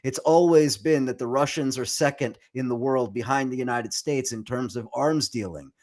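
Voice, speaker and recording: Man, mid-pitched voice, political livestream host, casual explaining. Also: a little mellow. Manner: conversational, quick asides, occasional stammered restarts.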